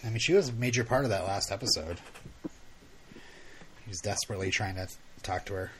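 A man's voice: a little fast, a little hiss or hum. A man co-hosting a movie commentary podcast, chatting casually and laughing easily. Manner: laid-back, chuckling, animated pitch. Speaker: podcast co-host.

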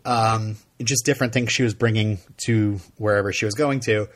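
Excitable middle-aged man telling a story. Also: on the low side, moderate pace. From Vermont. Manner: animated, laughs often, acts out quotes. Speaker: podcast co-host. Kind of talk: casual chat, storytelling.

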